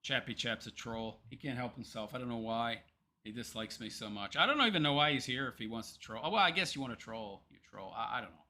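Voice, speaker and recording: Bright-voiced rambling male streamer. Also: mid-range voice, fast. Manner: rambling, hesitant, many ums and restarts. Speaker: livestream commentary host. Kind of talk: casual livestream commentary.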